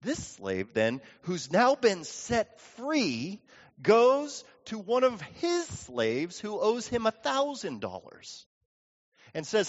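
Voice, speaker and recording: A man's voice: high voice, huge pitch swings, slow. A man preaching a sermon in a church sanctuary, telling stories and acting out the people he quotes. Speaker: pastor. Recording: dull lo-fi audio with long hall reverb.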